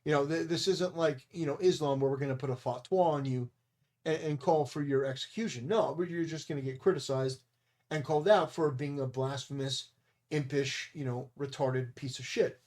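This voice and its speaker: A man delivers an opinion monologue with a somewhat high-pitched voice. He sounds blunt and combative, dismissive of the people he argues against. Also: normal speed, darkish tone. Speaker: commentary channel host.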